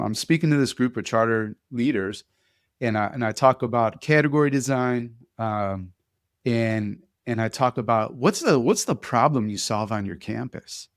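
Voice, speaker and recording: Man, podcast host, casual, lively, laughs often, average pitch, dry recording. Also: no room sound. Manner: lively, laughs often while telling stories. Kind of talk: casual conversational interview.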